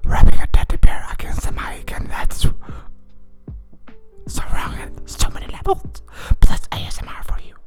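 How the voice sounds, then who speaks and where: A man's voice: normal speed, music in the background. A man hosting a podcast, joking his way through a playful whispered role-play outdoors with the microphone right at his mouth. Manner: playful, giggly, self-mocking. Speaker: podcast host. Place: outdoors among birdsong. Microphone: close to the mouth.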